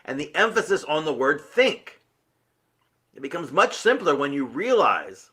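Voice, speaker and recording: A man's voice: a little high, very animated, normal speed, pushed and bright. A man giving an earnest, emphatic motivational talk, full of rhetorical questions. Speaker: motivational speaker.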